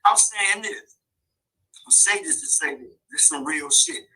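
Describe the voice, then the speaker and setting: A man's voice: on the high side, lively intonation, measured pace, bright, forceful tone, husky, low-quality recording. A man calling in to a talk show, talking at length in a rambling, emphatic way and laughing often. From local to the show's city. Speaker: caller. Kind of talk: animated call-in talk. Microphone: phone line.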